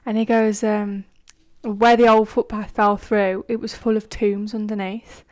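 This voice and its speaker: A woman's voice: medium pitch, level tone, measured pace, darkish tone. A woman co-hosting a podcast, chatting casually with many fillers, laughs and the odd swear word. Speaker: podcast co-host. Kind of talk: casual chat.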